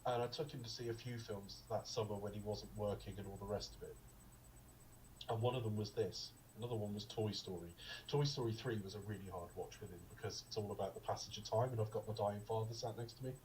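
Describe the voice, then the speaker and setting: A man's voice: lowish voice, fairly even intonation, fast, darkish tone, distant mic, a little hiss or hum, poor audio. A man co-hosting a podcast, chatting casually about a film in a rambling, digressive way with lots of ums. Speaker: podcast co-host. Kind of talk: casual film review chat.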